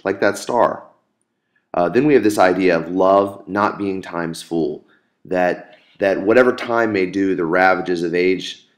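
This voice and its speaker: A man with a lowish voice talks through a screencast lesson for students. He explains step by step, earnest and patient, with small fillers and restarts. Quoted lines get a firmer, emphatic reading. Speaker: teacher.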